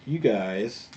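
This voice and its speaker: A man's voice: a little high, muffled recording, a little hiss or hum. A man running a tabletop game as game master, recapping and narrating in a laid-back way.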